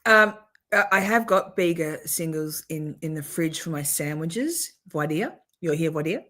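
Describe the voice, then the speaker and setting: A woman's voice: low-pitched, lively intonation, unhurried, bright, forceful tone. A woman, hosting a casual livestream and chatting loosely as she reacts to trial footage. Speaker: livestream host. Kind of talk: casual live commentary.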